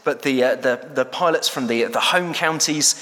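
This sermon comes from a male church staff member speaking at a moderate pace in a somewhat bright, mid-pitched voice. He rambles conversationally with frequent fillers and hesitations, recorded in a reverberant church hall.

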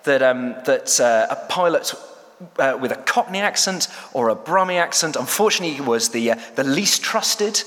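A man's voice: mid-range voice, lively intonation, normal speed, fairly bright tone. A man preaching a sermon in a church, chatty and hesitant with many fillers. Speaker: church staff member preaching. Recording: echoey church hall.

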